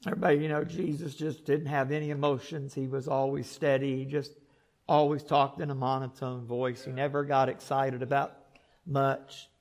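A male pastor preaching a sermon in an animated way, repeating words and adding joking asides. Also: medium pitch, moderate pace.

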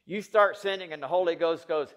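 Preaching man, quiet then booming. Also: a little fast. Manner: preaching with big swings from quiet to loud; talks straight to the congregation, asking questions. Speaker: pastor. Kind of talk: sermon.

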